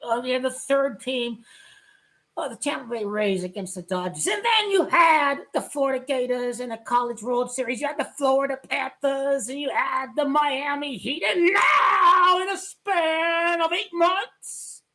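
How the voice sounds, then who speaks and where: A woman ranting about basketball as a sports vlogger, loud and excitable, often shouting and repeating herself. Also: high voice, a little slow.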